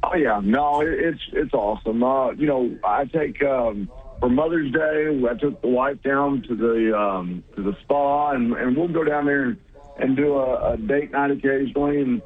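A man co-hosting a casual radio chat, talking in halting bursts with many restarts. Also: medium pitch, breathy edge. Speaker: radio show co-host. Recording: phone-like narrow sound.

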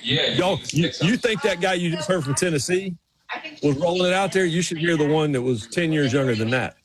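A North Carolina man with a Southern US accent and a rather high voice talks fairly quickly as a radio co-host, with a crowd audible behind him. His banter is playful and rambling, full of restarts.

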